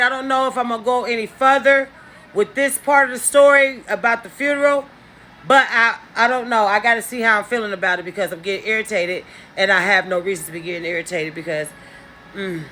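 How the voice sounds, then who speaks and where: A woman's voice: mid-range voice, sharp tone. A woman telling a personal story in a casual, emphatic monologue, bluntly and with frequent asides to her listeners. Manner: blunt, occasional cursing.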